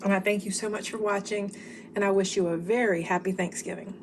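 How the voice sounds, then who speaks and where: A woman, chatting warmly and enthusiastically to viewers in a home cooking vlog while tasting food. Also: mid-range voice, steady tone, fairly quick, background noise. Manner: chatty, enthusiastic, says y'all. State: talking while eating.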